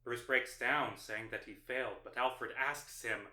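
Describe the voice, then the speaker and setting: A man's voice: mid-range voice, unhurried, pushed and bright, echoey room. A man narrating a sarcastic video essay, exasperated and mocking as he picks apart a film.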